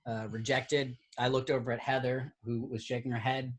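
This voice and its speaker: A man's voice: mid-range voice, level tone, normal speed. A man hosting a comedy show over a video call, reacting to a guest with laughs and praise. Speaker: host. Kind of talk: casual banter on a video call.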